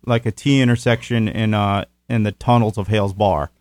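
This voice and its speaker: A man hosting a casual chat about paranormal investigations, relaxed and rambling. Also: fairly low pitch, brisk, slight background noise. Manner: relaxed, rambling, with many fillers.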